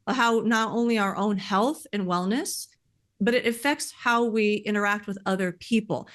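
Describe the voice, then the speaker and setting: A woman speaking in earnest, conversational podcast talk, heartfelt and animated, often filling with "like" and "you know.". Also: on the high side. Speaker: podcast speaker sharing personal experience.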